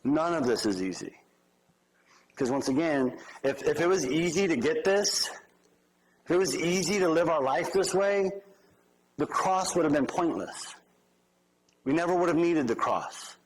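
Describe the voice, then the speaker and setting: A male pastor preaches in a relaxed, conversational way. His voice sits fairly high, and he shifts into lively, humorous asides. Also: normal speed, rough recording. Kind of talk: sermon.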